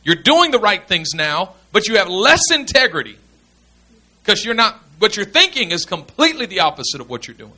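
A man's voice: sits high, sing-song, moderate pace, bright, forceful tone. A man teaching in a sermon style, earnest and emphatic, repeating his key points. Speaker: pastor teaching pastors.

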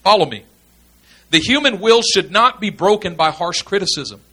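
A man's voice: high-pitched, expressive, normal speed, bright, forceful tone, breathy edge. A man teaching in a sermon style, earnest and emphatic, repeating his key points. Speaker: pastor teaching pastors.

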